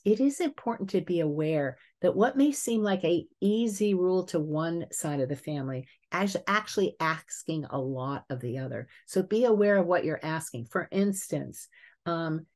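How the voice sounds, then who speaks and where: An older woman, a family psychologist, giving a webinar lecture and telling lively case stories. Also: fairly low pitch. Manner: lively storytelling, chuckles at examples.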